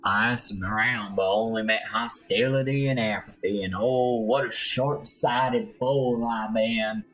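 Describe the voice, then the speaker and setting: A man's voice: fairly low pitch, steady tone, unhurried, a bit bright, rough recording. A man playing a heartbroken young deserter. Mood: mournful. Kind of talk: let's play voice acting.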